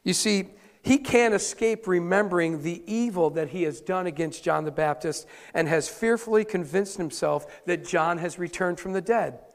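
A man's voice: high-pitched, creaky. A male pastor delivering a conversational sermon, repeating key points for emphasis. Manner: conversational preaching with emphatic repetition. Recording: reverberant hall.

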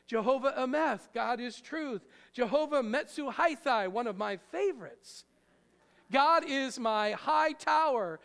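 Man, pastor, sermon, gravelly voice, long hall echo, playful emphasis. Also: high-pitched. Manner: conversational preaching, jokes with the congregation, sudden loud emphasis.

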